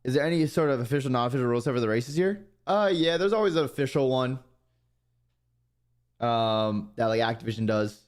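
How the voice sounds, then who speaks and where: Chill young guy streaming, just chatting, trails off a lot, mid-pitched. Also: animated, fairly quick. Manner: laid-back, trails off into fillers. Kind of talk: casual stream chat.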